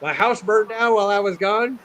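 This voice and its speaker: A man's voice: high-pitched, a little fast, fairly bright tone, slight background noise, pitched above the performer's own voice. A man voicing a startled middle-aged homeowner who reacts with shocked exclamations.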